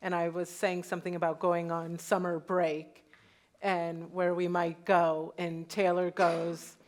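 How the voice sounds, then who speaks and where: A woman hosting a live panel discussion, relaxed and wry as she tells stories about her kids. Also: fairly low pitch, measured pace. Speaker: host. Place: on stage in a town hall venue.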